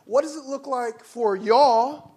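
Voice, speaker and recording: A man preaching a sermon in church, swinging from hushed, measured teaching to loud, fervent exclamations. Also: extremely high pitch. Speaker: pastor. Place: church sanctuary.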